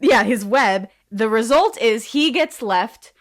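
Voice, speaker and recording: Slow-talking woman rambling on a podcast. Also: on the high side, lively intonation. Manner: rambling, goes off on tangents with sarcastic asides. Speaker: podcast co-host. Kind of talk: casual chat.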